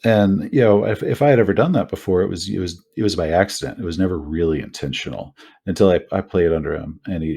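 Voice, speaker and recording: A man co-hosting a podcast, chatting casually about running tabletop horror games, animated and full of asides. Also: deep voice, vocal fry, slightly rough. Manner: animated, rambling with many asides. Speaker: podcast co-host.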